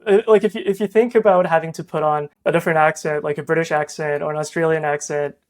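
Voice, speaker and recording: A man's voice: on the high side, steady tone, quick pace. Earnest young man with an international accent. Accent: international, hard to place. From Hong Kong. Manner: earnest, reflective, with light laughs. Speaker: veterinarian guest. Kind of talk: podcast interview.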